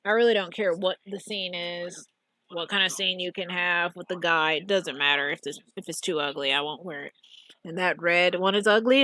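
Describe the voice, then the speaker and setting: Woman, casual game commentary, opinionated, exasperated, mid pitch, dry close mic. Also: a bit bright, no echo. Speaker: game reviewer.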